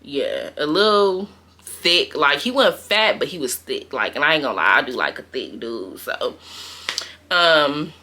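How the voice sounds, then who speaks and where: A young woman tells a dating story to her viewers in a loose, slangy way, full of fillers and acted-out asides. Her voice sits a little low but sounds bright and edgy. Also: a little slow. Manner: animated, slangy, frequent fillers and quoted asides. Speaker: storytime vlogger. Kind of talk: casual storytime chat.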